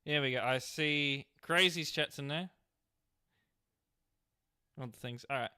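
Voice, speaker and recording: A man's voice: fairly high pitch, unhurried, pushed and bright, smooth. A man live-streaming a driving game, chatting casually with viewers and reading their messages aloud between frequent fillers.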